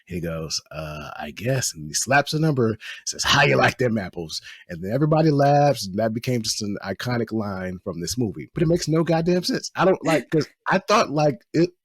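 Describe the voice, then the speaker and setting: A man's voice: medium pitch, sing-song, a little fast, few pauses, breathy edge, no room sound, clean studio sound. A man hosting a movie podcast, talking casually in rambling, exasperated rants with many restarts. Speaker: podcast host. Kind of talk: casual chat.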